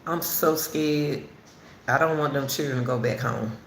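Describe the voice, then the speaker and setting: This woman's voice rumbles low and unhurried as she hosts casual commentary on a case for her channel, speaking emphatically and repetitively right at her viewers. There's a roomy echo with slight background noise.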